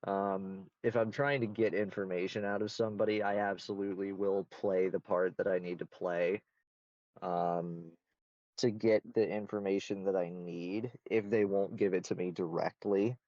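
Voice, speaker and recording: A man's voice: deep voice, steady tone, normal speed, a little mellow, no room sound, muffled recording. A man answering interview questions in casual conversation, candid, blunt and self-assured.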